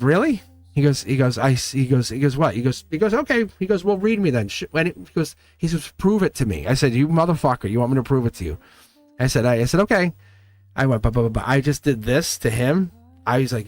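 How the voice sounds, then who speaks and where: A man hosting a live tarot stream, reading cards and telling a story in a chatty, animated way, laughing often and repeating himself. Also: mid-range voice. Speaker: tarot reader and livestream host.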